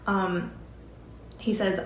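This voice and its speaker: A woman telling her own story in a relaxed, chatty way, often breaking into laughter as she recounts what was said. Her voice sits in a mid range and carries a roomy echo. A faint ambience hums behind her. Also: medium pitch, drawn-out words, a little hiss or hum. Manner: chatty, recounts conversations with frequent "I'm like" and laughs. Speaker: host telling a personal story. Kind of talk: casual personal storytelling.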